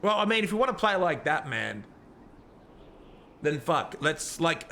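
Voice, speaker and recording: A man streaming a police role-play game, talking excitedly and rambling with swearing and frequent restarts. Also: fairly high pitch, measured pace, vocal fry, long pauses. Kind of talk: live-streamed gameplay commentary.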